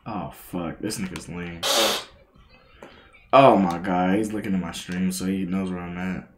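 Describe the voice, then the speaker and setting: A young man livestreaming a video game, excitable and swearing, swinging between yelling and muttering. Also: low-pitched, a little slow, echoey room, background noise. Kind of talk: gaming livestream commentary.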